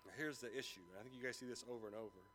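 Here the preacher talks in rapid-fire fashion, his mid-range voice a touch bright, as he dramatizes a story's dialogue ahead of the scripture reading. A slight hiss or hum sits under the long, large-room reverb.

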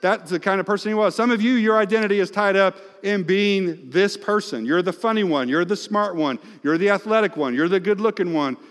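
A man's voice: high voice, fairly quick, few pauses. Male preacher in a reverberant hall. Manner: swings from loud emphatic preaching to hushed near-whispers. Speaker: pastor. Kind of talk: sermon. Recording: long reverb of a large hall.

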